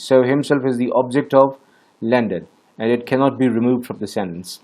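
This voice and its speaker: Brief: male grammar teacher, measured, methodical, pauses often. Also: mid-range voice, fairly even intonation, mellow. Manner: measured, methodical, with many hesitations. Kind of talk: explaining a lesson.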